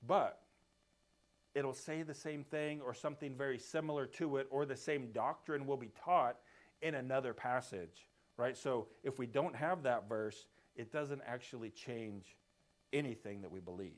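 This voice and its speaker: A man's voice: medium pitch, normal speed. Man teaching a church Bible class. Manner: explains step by step, often checks in with "right?".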